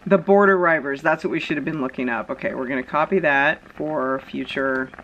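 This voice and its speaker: A woman's voice: rumbling low, a little fast, a bit bright, lo-fi sound, slight background noise. A woman vlogger giving casual, rambling commentary full of chatty asides and fillers.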